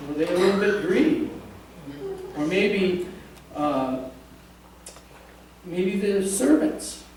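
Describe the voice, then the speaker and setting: Guy preaching a sermon, pretty high voice, chatty, big echoey church mic far off. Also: darkish tone, a little hiss or hum. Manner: conversational, jokes with the congregation. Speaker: pastor. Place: church sanctuary.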